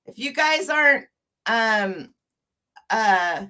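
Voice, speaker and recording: A fifties-aged livestream host speaks extremely slowly in a smooth, rather high voice with lively intonation. She chats warmly, laughs, and greets viewers one by one.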